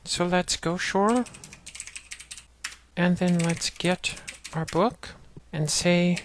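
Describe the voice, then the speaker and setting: Woman calmly reading out game commands. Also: fairly low pitch, drawn-out words, long pauses, slight background noise. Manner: reads out game commands and text plainly, explaining steps. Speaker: let's play narrator. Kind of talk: let's play walkthrough narration.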